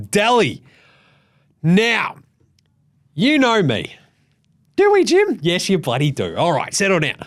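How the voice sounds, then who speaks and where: Aussie male sports host, high-pitched, lively, profane ranter. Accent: Australian. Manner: loud, sweary, animated. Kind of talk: ranting sports commentary.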